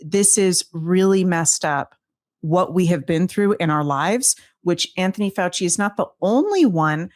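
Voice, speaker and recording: A woman co-host chatting casually in an animated, incredulous tone, her voice sitting a little low. The sound is dry and close, with no room around it. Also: no room sound. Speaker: podcast co-host. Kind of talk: casual chat.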